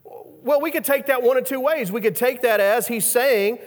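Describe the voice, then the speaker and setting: Brief: male preacher with a high voice, conversational sermon, stumbles and repeats, long hall echo. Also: moderate pace, few pauses. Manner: repeats words as he restarts, asks the listeners questions.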